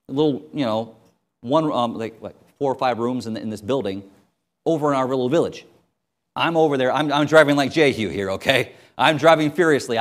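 A middle-aged man delivers a sermon as a missionary preacher, with a voice of ordinary pitch. He tells stories in a lively way, with sudden jumps from loud to hushed. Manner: lively storytelling with sudden loud and quiet swings.

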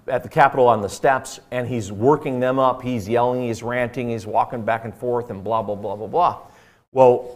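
Earnest male preacher, mid-pitched, storytelling sermon. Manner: earnest, conversational preaching with frequent fillers.

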